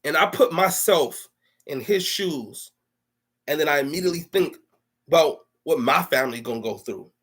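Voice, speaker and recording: A man's voice: on the high side, expressive, normal speed, a bit bright. Heated, preachy streaming man. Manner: preachy and heated, with stammering restarts and mocking asides. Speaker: livestream commentator. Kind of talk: emotional livestream rant.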